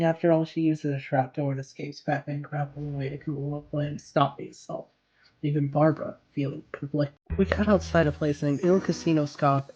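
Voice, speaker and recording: A narrator reading a fan fiction story aloud in a plain, quick storytelling way. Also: medium pitch, fairly even intonation, a little mellow, husky, highs cut off. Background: music.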